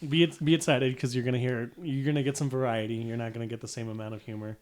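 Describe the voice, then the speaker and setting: A man's voice: mid-range voice, fairly even intonation, fast talker, a little mellow. A man co-hosting a podcast in casual chat with a dry, offhand manner. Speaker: podcast co-host.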